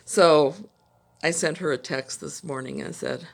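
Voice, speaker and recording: A woman's voice: deep voice, measured pace, vocal fry. An older woman from Ohio, USA, hosting a knitting podcast from home in a chatty, rambling way, full of personal asides. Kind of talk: casual chat.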